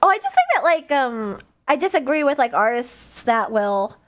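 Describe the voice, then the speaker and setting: Chatty high-voiced woman streamer. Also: big pitch swings, moderate pace. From American Midwest. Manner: rambling and giggly, lots of fillers. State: coughing after choking on water. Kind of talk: casual livestream chat.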